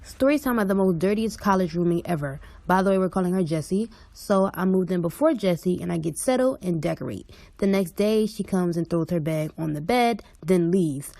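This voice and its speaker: A young woman telling a college roommate story in a flat, matter-of-fact way. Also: fairly low pitch, fairly quick, vocal fry, no room sound. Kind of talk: casual storytime.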